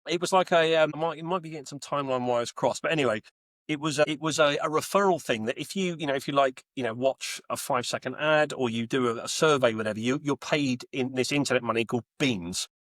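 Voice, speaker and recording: A man's voice: mid-range voice, fast talker, dry recording. Chatty forty-something man, dry close sound. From Texas, USA. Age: 40s. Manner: chatty, animated storyteller with many fillers and restarts. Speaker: guest, home Bitcoin miner. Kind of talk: casual interview chat.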